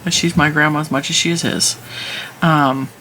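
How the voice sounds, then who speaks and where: A woman's voice: low voice, fairly even intonation, moderate pace, fairly bright tone, a little hiss or hum, low-quality recording. A woman hosting a knitting channel, chatting casually and rambling off on tangents as she reviews yarn while she knits. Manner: chatty, rambling, laughs at herself. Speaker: knitting and crochet channel host.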